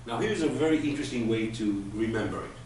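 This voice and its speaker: A man's voice: mid-range voice, expressive, quick pace, a little mellow. A man teaching a class, patiently explaining with everyday examples. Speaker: Hebrew teacher. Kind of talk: classroom lesson. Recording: echoey room from far off, faint noise.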